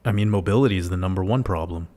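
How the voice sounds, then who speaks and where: A man with a fairly low voice hosts a casual livestream. He talks straight to his viewers in an animated way, with plenty of swearing and rhetorical questions. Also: rapid-fire. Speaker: livestream host.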